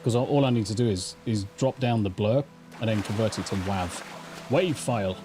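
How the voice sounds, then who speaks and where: A man's voice: on the low side, normal speed, music in the background. An English man streaming live gameplay, chatting casually in a rambling, sweary way into a desk mic through a mixer.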